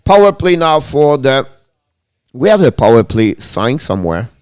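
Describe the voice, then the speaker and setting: Excitable man calling hockey. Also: mid-range voice, normal speed, clean tone, dry recording, studio quality. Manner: excitable, laughs often, broken English phrasing. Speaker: live-stream hockey host. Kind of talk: live play-by-play commentary.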